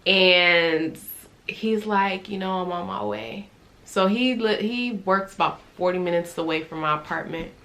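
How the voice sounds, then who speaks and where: A young adult woman vlogging, casually telling a personal story and acting out the dialogue she quotes. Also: medium pitch. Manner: animated retelling that acts out quoted dialogue; conversational, with frequent "I'm like" and "right?".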